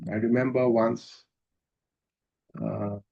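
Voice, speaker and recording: Male university lecturer, slow and measured, pausing often on fillers, in a dull lo-fi recording. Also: mid-range voice, little pitch movement, creaky, mellow. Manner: measured, hesitant, with many filler sounds. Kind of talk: academic lecture.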